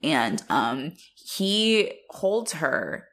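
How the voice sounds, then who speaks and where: A young woman co-hosting a podcast, recapping a show in casual chat, animated and profane, laughing as she acts out the characters. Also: low voice, extremely slow. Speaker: podcast co-host.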